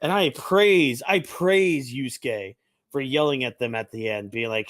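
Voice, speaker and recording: A man co-hosting a casual review podcast, swearing freely and mocking crowds with loud put-on voices. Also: medium pitch, a little slow, dry recording, clean studio sound. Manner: profane, animated, mocks crowds in shouted put-on voices. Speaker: podcast co-host.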